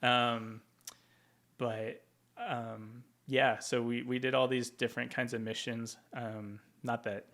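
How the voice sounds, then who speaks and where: A man's voice: mid-range voice, flat delivery, slow pace, fairly bright tone. A man from Tacoma, Washington, a veteran guest in an interview, telling stories casually with plenty of ums and likes. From Tacoma, Washington, USA. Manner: rambling, with frequent ums and likes.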